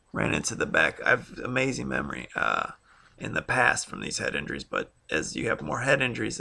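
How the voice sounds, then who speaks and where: Lively, gravelly-voiced man in his thirties. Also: rumbling low. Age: 30s. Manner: rambling and blunt, with frequent fillers and asides. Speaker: vlogger. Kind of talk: casual personal monologue.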